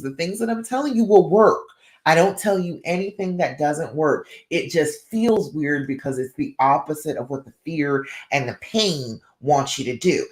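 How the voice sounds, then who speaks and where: A woman's voice: deep voice, darkish tone. Woman coach in a roomy echo. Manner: direct, keeps checking in with "all right?". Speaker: relationship coach. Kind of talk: live-stream advice talk.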